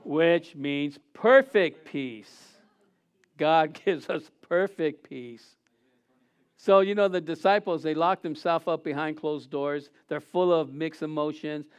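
A man with a high, smooth and resonant voice preaching in church. He delivers the sermon with animation, drawing his congregation into call-and-response. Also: takes it slowly. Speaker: pastor.

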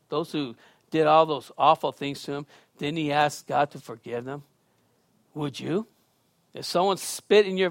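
A pastor preaching in a high, lively voice, recorded dry and close. He swings from loud, emphatic lines to quiet, chatty asides. He tells stories casually and laughs along the way. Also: dry recording. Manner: conversational storytelling with laughs. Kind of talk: sermon.

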